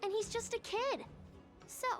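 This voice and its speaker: A chirpy young woman chatters excitedly about a tournament. Her voice is extremely high and bright. She is a game character with light music behind her. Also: a little slow. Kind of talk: video game voice acting.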